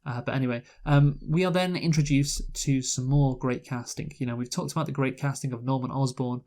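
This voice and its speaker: A man's voice: medium pitch, steady tone, fairly quick, a little mellow. A man co-hosting a casual movie review chat, rambling with lots of fillers and restarts. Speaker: podcast co-host, movie reviewer.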